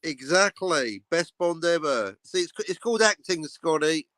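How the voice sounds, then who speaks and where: High-voiced wisecracking male host. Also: lively intonation, fairly bright tone, no echo. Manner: wisecracking, quick-witted. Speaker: livestream host. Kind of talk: casual joking banter.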